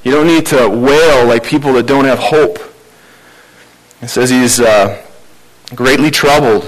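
A man's voice: mid-range voice, a little slow, rough recording. Conversational male pastor preaching. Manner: conversational preaching with rhetorical questions. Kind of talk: sermon.

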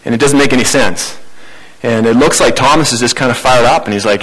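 A man's voice: mid-range voice, a little fast, a bit bright, slightly rough, rough recording. A man preaching a sermon in a conversational, informal way. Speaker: pastor.

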